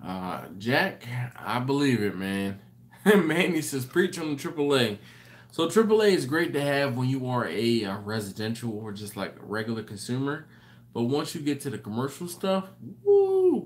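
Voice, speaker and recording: A man's voice: mid-range voice, expressive, normal speed. A man hosting a late-night live stream. He reads out viewer comments in a rambling, tired way, often correcting himself and apologizing. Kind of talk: casual live chat reading viewer comments.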